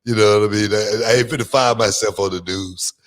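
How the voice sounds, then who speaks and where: A man's voice: on the low side, fairly quick. Loose, rambling male podcast host. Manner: loose, filler-heavy, drawling delivery; lively, animated when telling stories. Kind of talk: casual chat and storytelling.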